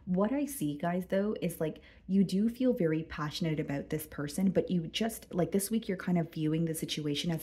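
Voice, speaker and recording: Hoarse woman doing a tarot reading, low mellow voice, chatty, lots of you know. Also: moderate pace. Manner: chatty, addresses viewers as guys, many fillers. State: hoarse, losing her voice, clearing throat. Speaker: tarot reader. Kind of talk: casual tarot reading to camera.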